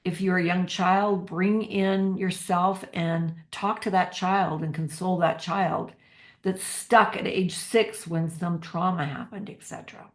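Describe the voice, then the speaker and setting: A middle-aged woman giving a motivational workshop talk as a parenting coach, energetic and slowing down to stress key phrases. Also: on the low side.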